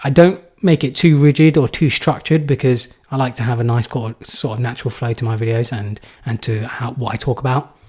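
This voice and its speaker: Relaxed man chatting. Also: medium pitch, fairly quick, few pauses. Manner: relaxed, loose, rambling with fillers and restarts. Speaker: YouTuber hosting a live Q&A. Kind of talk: casual live Q&A chat.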